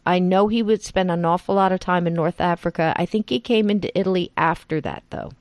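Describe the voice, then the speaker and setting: Chatty host from New Jersey. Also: female voice, lowish voice, steady tone, a little fast, no room sound. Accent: New Jersey with a Southern tinge. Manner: warm, chatty, laughs often. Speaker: podcast host. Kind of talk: casual interview chat. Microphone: remote call.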